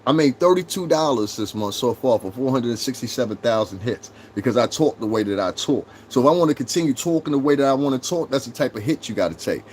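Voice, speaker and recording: A man's voice: mid-range voice, animated, fast talker, few pauses, a little mellow, a little hiss or hum. Brash New York man ranting to chat. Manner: brash, profane, confrontational, talks straight to chat. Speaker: livestream host. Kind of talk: casual livestream rant.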